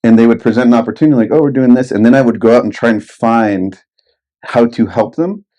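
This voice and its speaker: A man's voice: medium pitch, fast talker, mellow. A young man telling rambling, expletive-laden stories in a casual podcast chat. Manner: rambling anecdotes, heavy swearing.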